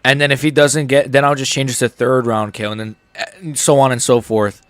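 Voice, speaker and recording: Young american dude rambling jokey fight reactions, mid pitch, dry close sound. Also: male voice, fairly even intonation, fairly quick, dry recording. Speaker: live stream host. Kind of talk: live fight reaction commentary.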